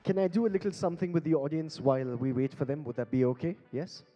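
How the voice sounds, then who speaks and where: Indian english guy emceeing on stage, dark mellow voice, playful crowd work, big reverby hall. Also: a little high, fast, highs cut off, soft background music. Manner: playful, coaxing the audience. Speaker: event emcee and beatboxer. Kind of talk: live stage hosting with crowd interaction. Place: large conference hall stage. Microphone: handheld stage mic.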